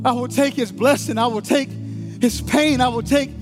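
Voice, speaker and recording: A man's voice: very high-pitched, fairly even intonation, moderate pace, voice pushed up. A man voicing a fervent, devoted male apostle making rising, impassioned declarations over music.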